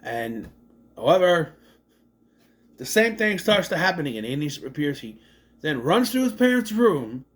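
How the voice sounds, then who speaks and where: Animated man recapping a movie. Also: on the high side, measured pace, long pauses. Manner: animated, swears, mocks scenes in exaggerated voices. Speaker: movie reviewer. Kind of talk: casual movie recap and review.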